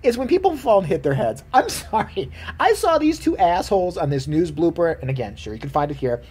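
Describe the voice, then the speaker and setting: A vlogger rants to camera in a loose, unscripted way, swearing freely and breaking into laughter. The pitch jumps around a lot. The delivery is loose and animated throughout. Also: a little fast, breathy edge. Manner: animated, profane, laughs often. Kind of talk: casual rant to camera.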